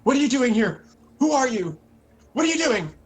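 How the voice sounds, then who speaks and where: A man's voice: on the high side, unhurried, a bit bright. A man voicing a frightened woman asylum doctor who stammers and gasps. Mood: panicked. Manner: gasping, breathless, stammering.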